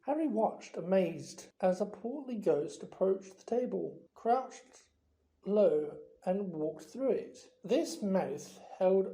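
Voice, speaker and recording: Slow, mellow audiobook reader. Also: medium pitch, echoey room, poor audio. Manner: slow, expressive storytelling. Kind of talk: audiobook narration.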